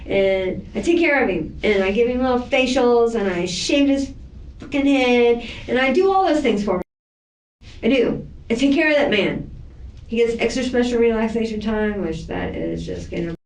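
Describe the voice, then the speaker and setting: A woman's voice: a little high, recorded from a distance. A woman under police questioning, talking in a rambling, defensive way as she vents. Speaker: suspect in police interview. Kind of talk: police interrogation. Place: police interview room. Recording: echoey room, voice from afar.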